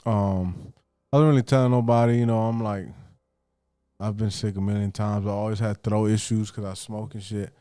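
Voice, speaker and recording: A man's voice: lowish voice, steady tone, moderate pace, warm tone, clear, resonant tone, no room sound, studio quality, faint music behind. A man casually telling a personal story on a podcast, loose and profane, acting out what his relatives said.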